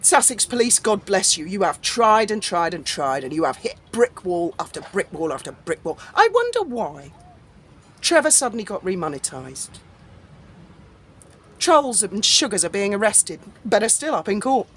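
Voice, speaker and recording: A woman's voice: mid-range voice, very animated, normal speed, a bit bright, a little hiss or hum. A woman vlogging an angry, sarcastic rant, swearing freely and mocking people in an indignant tone. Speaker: YouTube commentator. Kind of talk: angry ranting vlog.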